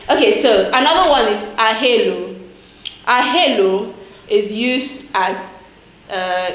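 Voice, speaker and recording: A woman's voice: medium pitch, a little hiss or hum. A young Nigerian woman with a Nigerian accent, hosting a playful, chatty language tutorial vlog and laughing often. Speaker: vlogger. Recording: echoey room.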